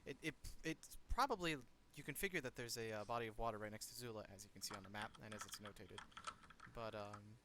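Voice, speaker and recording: A young man narrates a tabletop game as game master, his voice bright and forward. He restarts and repeats words as he thinks aloud, with a faint hiss in the background. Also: fairly low pitch. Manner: halting, stammering repeats.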